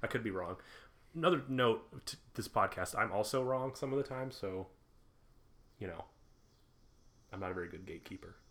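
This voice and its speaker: A man's voice: lowish voice, expressive, moderate pace, pauses often, a bit bright. A man hosting a casual podcast recapping an old film, laughing often and teasing his co-hosts. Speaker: podcast host. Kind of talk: casual movie recap chat.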